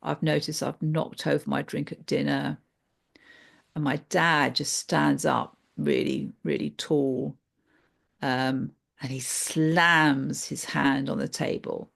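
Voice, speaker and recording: A woman's voice: sits low, steady tone, takes it slowly, creaky, heavily acted. Woman voicing a hurt, hesitant male client. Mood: frightened.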